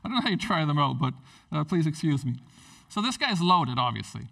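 Male pastor with a lightly raised pitch, joking sermon delivery, recorded from some distance. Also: brisk, vocal fry. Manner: animated, jokey, acts out characters in quotes.

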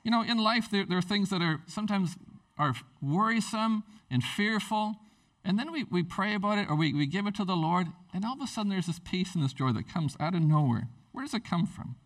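A man preaching an animated, conversational sermon as pastor at a church service, acting out everyday scenes as he goes. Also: sits high, a little fast, far from the mic.

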